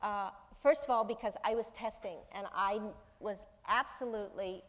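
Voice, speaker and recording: A woman, an actress, telling a lively anecdote in conversation, laughing often and repeating words as she talks. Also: medium pitch, normal speed. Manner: animated, laughing storyteller who repeats words.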